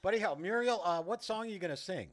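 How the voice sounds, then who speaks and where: A man's voice: high-pitched, expressive, quick pace, dry recording. A man hosting a singing contest from a studio, chatty and laughing at his own jokes. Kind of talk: playful show hosting.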